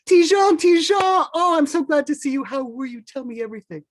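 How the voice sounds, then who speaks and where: A storyteller voicing an excitable farm wife who gushes with joy in high, swooping exclamations. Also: a little fast, breathy edge, dry recording. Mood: thrilled.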